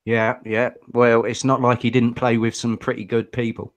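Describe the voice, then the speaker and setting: A man's voice: medium pitch, little pitch movement, normal speed, lo-fi sound. A blunt, opinionated man with an English accent, chatting casually on a podcast. His voice sits mid-range. The recording is dry and close, with no echo.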